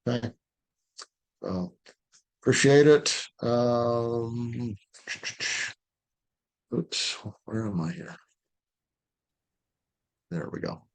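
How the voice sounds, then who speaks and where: A man of middle pitch taking his time, answering viewers' questions about dog training in a live online session. He talks in a loose, conversational way and acts out the lines he would say to a dog. It comes through a video call. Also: animated, extremely slow, long pauses.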